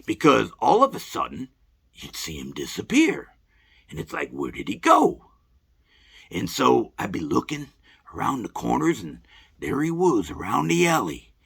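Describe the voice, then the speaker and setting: A middle-aged man hosting a vlog, telling old stories in a folksy, rambling, animated way. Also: moderate pace, vocal fry, breathy edge. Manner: folksy, rambling, animated, bursts into high put-on voices. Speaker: host. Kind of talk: casual nostalgic storytelling.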